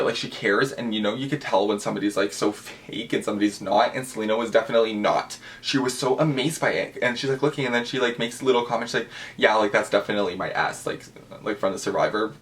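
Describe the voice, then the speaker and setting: Gushing young man. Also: medium pitch. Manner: gushing, animated, with many fillers. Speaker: vlogger. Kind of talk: casual storytime vlog.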